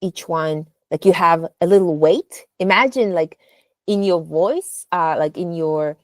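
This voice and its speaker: Workshop instructor, female, unhurried, lowish voice, dry close sound, demos lines with big rises. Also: no echo. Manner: demonstrates sentences with exaggerated rising intonation; halting, with many fillers and restarts. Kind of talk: spoken lesson on intonation.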